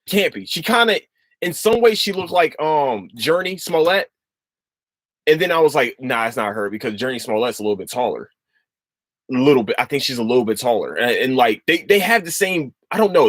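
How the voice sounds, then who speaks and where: A man's voice: a little high, no echo. A man hosting a podcast, chatting casually and rambling, swearing often and restarting his sentences. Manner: animated, profane, rambling with restarts. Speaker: podcast host.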